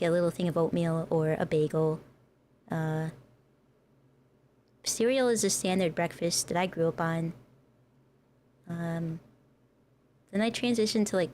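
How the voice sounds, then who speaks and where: A woman's voice: fairly low pitch, darkish tone, a little hiss or hum. An American woman who streams as a VTuber, chatting casually with her viewers and laughing often. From United States. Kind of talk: casual livestream chat.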